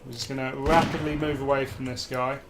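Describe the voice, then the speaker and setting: Deep-voiced woman, laid-back. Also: little pitch movement, brisk, heavy background noise. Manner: laid-back, hesitant, many ums. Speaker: game streamer. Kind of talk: casual chat while gaming. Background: loud game music.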